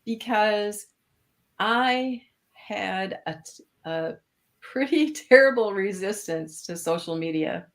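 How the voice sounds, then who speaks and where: A woman's voice: mid-range voice, expressive, slow. Chatty woman with a Minnesota accent. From Minnesota, USA. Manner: chatty, laughs often. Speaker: interview guest, course alumna. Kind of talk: casual live-stream interview.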